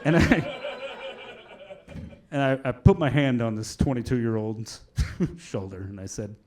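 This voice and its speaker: On a comedy club stage before a live audience, a man performs stand-up, telling energetic stories, acting out shouted quotes and swearing. His mid-range voice keeps a measured pace. The live club audio carries crowd noise and the audience's laughter.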